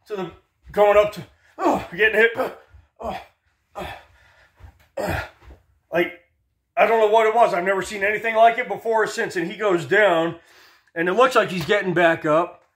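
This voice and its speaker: Animated, higher-voiced man ranting. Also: brisk. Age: 30s. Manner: animated storyteller, swears, acts out voices. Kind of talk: casual ranting commentary.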